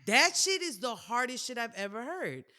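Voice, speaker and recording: A woman's voice: fairly high pitch, normal speed. A young adult woman co-hosting a podcast, talking frankly and casually with lots of fillers. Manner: animated, frank, many fillers. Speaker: podcast co-host. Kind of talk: casual chat.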